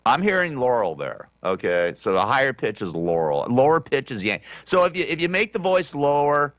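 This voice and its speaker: A man's voice: medium pitch, big pitch swings, a little fast, a bit bright, highs cut off. A man hosting a talk radio show, rambling through the day's stories in an offhand, sarcastic way with many restarts. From Southern California. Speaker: radio host. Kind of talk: casual talk radio monologue.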